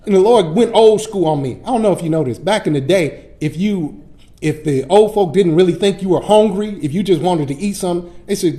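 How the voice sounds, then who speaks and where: A middle-aged man, a pastor teaching Sunday school, telling folksy stories in a lively preaching style. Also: high voice, brisk. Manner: animated, folksy preacher who acts out his stories. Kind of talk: storytelling sermon-style lesson.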